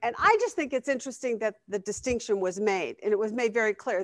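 Higher-voiced woman teaching Bible study. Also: fast, dry recording. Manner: conversational, asks the class questions, reads scripture aloud. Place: classroom.

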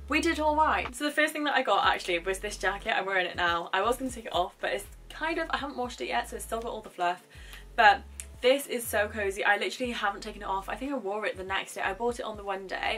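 A woman's voice: medium pitch, bright, forceful tone. A young woman vlogger chatting casually and gushing about a shopping haul. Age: young adult.

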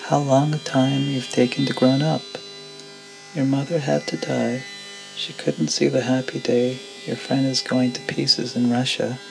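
A man's voice: mid-range voice, flat delivery, unhurried, gravelly, poor audio. A man voicing a scornful, domineering old father who mocks and accuses his son, with music underneath. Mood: accusing. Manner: mocking, harsh, accusing.

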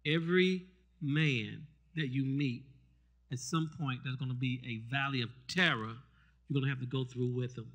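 A man preaching a fervent sermon in church. He keeps asking the congregation to respond and builds up to shouts. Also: mid-range voice, moderate pace. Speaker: pastor. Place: church service.

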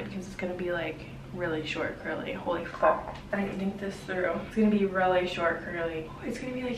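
A young woman vlogging to camera while she cuts her own hair, talking to herself in a nervous, swearing, chatty way. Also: medium pitch. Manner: anxious, swearing, self-talk while cutting hair. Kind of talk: casual vlog, talking to camera. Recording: roomy, distant camera with background noise.

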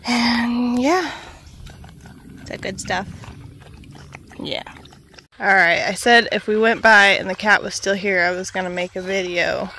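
A woman's voice: mid-range voice, measured pace, pauses often, sharp tone, a little hiss or hum. A woman vlogging casually on an outdoor trail, chatting and talking to her dog as she walks. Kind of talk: casual walking vlog.

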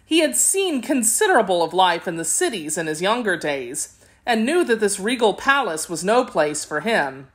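A woman reading a children's classic aloud as an audiobook narrator, with expressive, measured storytelling. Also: mid-range voice, slightly rough. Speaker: audiobook reader.

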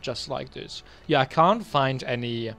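A young man talking casually while reviewing his old game bans. He mutters asides to himself and then bursts into loud, exasperated ranting. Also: mid-range voice, a little slow, creaky, soft background music. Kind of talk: casual screen-recorded commentary.

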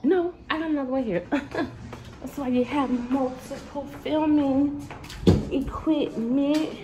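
A woman's voice: sits high, takes it slowly, highs cut off. A woman vlogger chatting casually and directly to her viewers from home. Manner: chatty, animated, talks straight to viewers. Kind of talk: casual vlog chat. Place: home bathroom, indoors. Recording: music playing behind.

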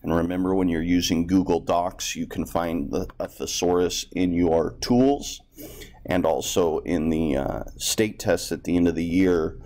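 A man's voice: low voice, steady tone, a little slow, darkish tone. A male teacher reading a textbook story aloud to students and explaining vocabulary in a plain, explanatory way.

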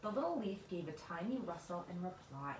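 Expressive woman reading a picture book aloud. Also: lowish voice, a little fast. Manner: expressive, with asides to a child. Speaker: storybook reader. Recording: echoey room, far from mic, audible noise.

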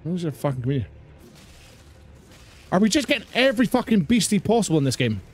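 A man's voice: high voice, big pitch swings, fast talker, breathy edge. A man with a British accent doing live gameplay commentary, swearing and ranting at the game in exasperation. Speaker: streamer.

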